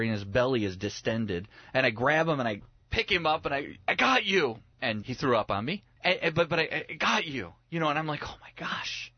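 A middle-aged man preaching as a pastor, telling a personal story in a lively way and acting out his own reactions. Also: medium pitch, no echo. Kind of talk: storytelling sermon. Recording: dull lo-fi radio recording. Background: faint guitar music.

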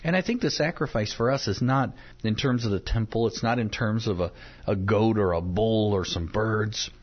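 An earnest man walks through a Bible passage on a Christian talk show, pausing on fillers and slowing down when he reads verses aloud. His voice is a little husky, and the lo-fi recording sounds dull. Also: on the low side. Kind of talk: devotional Bible teaching in conversation.

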